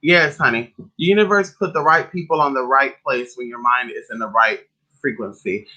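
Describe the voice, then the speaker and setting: A man's voice: medium pitch, normal speed, sharp tone, poor audio. Brassy, profane man spinning a story. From California. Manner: profane, dramatic, calls listeners "honey" and "y'all". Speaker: spiritual livestream host. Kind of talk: casual storytelling to a live chat.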